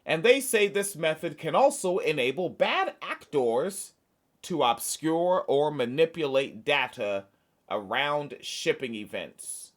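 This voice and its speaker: A man's voice: fairly high pitch, big pitch swings, slow pace, fairly bright tone. A man hosting a podcast, reading news aloud and breaking off into sarcastic, profane asides. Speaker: podcast host.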